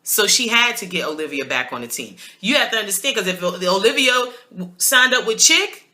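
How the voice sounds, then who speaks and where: A woman's voice: medium pitch, a little fast. A woman with a New York accent hosting a casual TV recap, opinionated and slangy. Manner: opinionated, slangy, animated with laughs. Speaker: TV review host.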